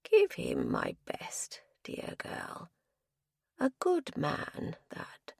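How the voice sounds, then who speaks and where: A woman voicing a frail elderly invalid husband who speaks weakly, slowly and breathily. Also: high-pitched, huge pitch swings, a little mellow, no room sound, in a whisper, clean studio sound, voice pushed up, heavily acted. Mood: frail, fond. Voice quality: weak and breathy, slow.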